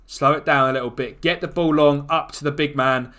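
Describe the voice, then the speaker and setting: Excitable gamer, slightly high voice, live match commentary with shouts and groans. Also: male voice, fairly quick. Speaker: gaming YouTuber. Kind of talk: football management game commentary.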